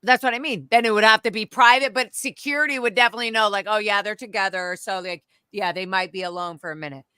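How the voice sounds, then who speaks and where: A woman's voice: medium pitch, fast, hardly any pauses, clean tone, no room sound, studio quality. A woman guest telling candid stories in conversation, swearing freely and acting out other people's voices. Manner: animated, profane, acts out quoted voices.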